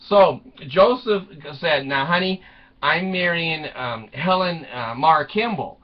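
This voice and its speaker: A man's voice: fairly high pitch, slow. A man telling a comic story with voiced quotes, rambling with fillers and laughing often. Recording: dull lo-fi recording.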